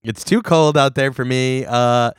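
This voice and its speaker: A man's voice: mid-range voice, a little slow, noisy background. A man co-hosting a casual comedy chat, playful and reading out posts. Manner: playful, reads from a forum, laughs along. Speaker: podcast co-host.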